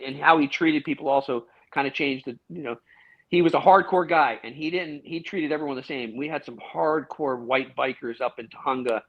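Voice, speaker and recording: A middle-aged man, a guest in a casual interview, telling a long story with lively acted-out quotes and frequent restarts. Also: a little high. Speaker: guest, former police officer. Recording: dull, lo-fi sound.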